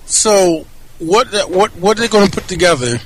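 A high-pitched man argues in casual chat, pressing pointed questions like a cross-examiner. His tone is blunt and persistent. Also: lively intonation, moderate pace, low-quality recording.

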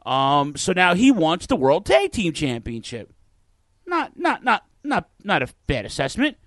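A man hosting a casual podcast, animated and a little profane as he sets up old clips. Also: high-pitched, unhurried, no echo, clean studio sound. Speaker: podcast host. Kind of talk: casual chat.

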